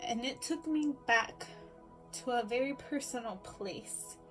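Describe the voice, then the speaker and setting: A woman's voice: on the high side, measured pace, faint music behind. Emotional woman telling a personal story. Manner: emotional, shifts between loud emphasis and hushed asides. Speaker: speaker.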